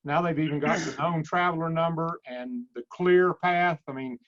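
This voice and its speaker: A man giving measured opinions on a casual industry call. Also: a little high, steady tone, fairly bright tone. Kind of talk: casual chat. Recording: dull lo-fi phone call.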